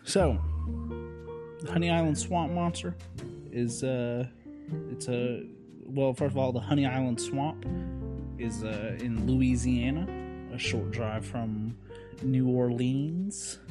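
A man's voice: mid-range voice, slow, pauses often, music in the background. A man co-hosting a podcast in casual chat, rambling and joking with lots of fillers. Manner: rambling, jokey, many fillers. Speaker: podcast co-host.

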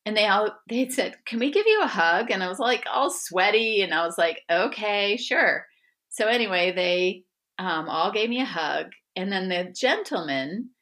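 A middle-aged woman telling personal stories as an interview guest, lively and often acting out the voices of others. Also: on the low side. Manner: animated, acts out quoted voices, laughs often. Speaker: guest author. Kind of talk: conversational storytelling interview.

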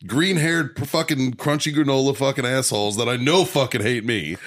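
A man with a medium-pitched, fairly bright voice speaks at a moderate pace as a podcast co-host. In casual chat, he rants through a heated story full of profanity, laughing along the way.

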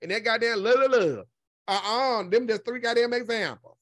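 Sassy high-voiced man, profane and emphatic. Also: normal speed, dry recording, studio quality. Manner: profane, sassy and emphatic, repeating lines for effect; animated storytelling with laughter. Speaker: YouTube content creator. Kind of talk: casual solo commentary.

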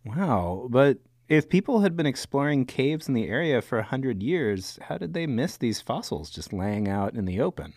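A man's voice: mid-range voice, big pitch swings, moderate pace, few pauses, a little mellow, dry recording, studio quality. A man co-hosting a podcast, asking playful, curious questions and laughing often. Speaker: podcast co-host. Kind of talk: casual chat.

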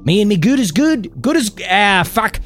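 Guy doing a big jolly aussie bloke accent, high gravelly voice swinging all over the place. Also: big pitch swings, moderate pace, fairly bright tone, faint music behind. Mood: boisterous. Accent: put-on Australian. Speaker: podcast co-host.

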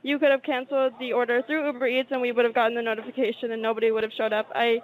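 A customer service worker who talks quickly but stays calm and polite throughout. The voice sits mid-range and keeps a patient, even manner. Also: mid-range voice, slight background noise, low-quality recording.

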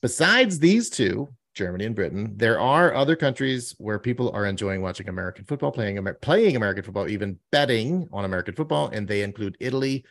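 A man's voice: on the low side, lively intonation, fast, few pauses. A man co-hosting a podcast in casual chat, reading out news items and joking about them. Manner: jokey, reads out news items and riffs on them. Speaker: podcast co-host.

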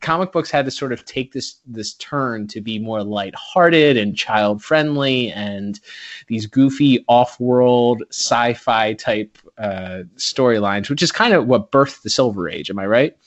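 A man's voice: mid-range voice, unhurried, no echo. A man co-hosting a podcast in casual chat, rambling and correcting himself with frequent chuckles. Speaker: podcast co-host. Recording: dull lo-fi podcast mic.

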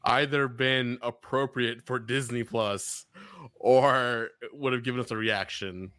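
A man's voice: mid-range voice, steady tone, takes it slowly, pushed and bright, dry recording. A man co-hosting a casual podcast chat, wry and joking. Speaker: podcast co-host.

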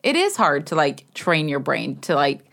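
Chatty podcast co-host woman, lowish voice. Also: big pitch swings, moderate pace, creaky, fairly bright tone. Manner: chatty, rambling, enthusiastic. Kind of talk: casual chat.

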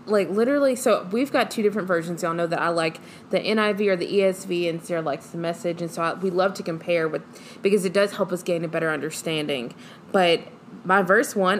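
A woman's voice: lowish voice, quick pace, slight background noise. A woman co-hosting a casual Bible-study podcast, earnest and enthusiastic, with many "like"s. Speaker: podcast co-host.

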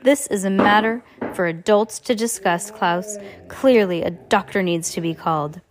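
A woman's voice: medium pitch, moderate pace, crowd noise, lightly acted. A woman voicing a fussy, well-meaning adult man who talks primly and condescends to children, in an audiobook reading.

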